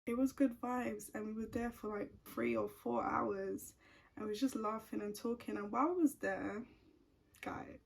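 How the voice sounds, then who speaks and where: Husky, gravelly young woman. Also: fairly high pitch, steady tone, normal speed, darkish tone. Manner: chatty, frequent "like" fillers. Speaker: vlogger. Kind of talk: casual storytime. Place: at home.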